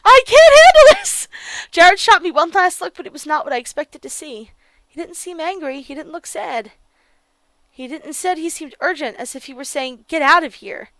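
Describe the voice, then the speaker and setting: A woman streamer reading a visual novel aloud, expressive, with loud excited outbursts. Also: high voice, moderate pace, dry recording. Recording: game music playing behind.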